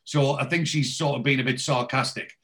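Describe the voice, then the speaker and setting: A man's voice: mid-range voice, steady tone, fairly quick, fairly bright tone. A man in casual chat, rambling through a TV episode and quoting the characters in his own voice.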